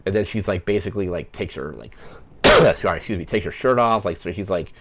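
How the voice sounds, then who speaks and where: A man's voice: deep voice, animated, brisk, heavy background noise. A young man hosting a podcast, casually recapping a film plot in a rambling way, full of "like" fillers. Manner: rambling, heavy use of "like" fillers. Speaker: podcast host.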